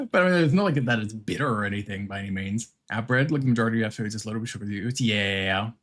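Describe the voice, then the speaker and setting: An Australian man talking on a livestream in relaxed, rambling chat. His pitch swings around in an animated way, and he swears casually and laughs often. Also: brisk. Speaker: streamer.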